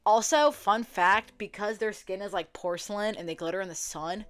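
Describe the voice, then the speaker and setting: A young woman casually retelling a story to her viewers, chatty and profane, full of "like" fillers, acting out characters' lines in quick quotes. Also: mid-range voice, smooth. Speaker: book vlogger. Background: faint background music.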